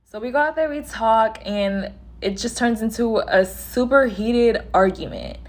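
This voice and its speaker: Animated woman telling a storytime. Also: fairly high pitch, measured pace. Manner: animated, acts out quoted dialogue. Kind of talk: casual storytime.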